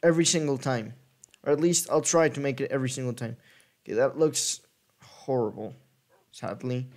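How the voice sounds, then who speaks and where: A man at an ordinary middle pitch narrating his own gameplay in a loose, unscripted way. He thinks aloud, corrects himself and rambles from one thought to the next. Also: normal speed, darkish tone. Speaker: gaming video creator. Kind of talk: casual gameplay commentary.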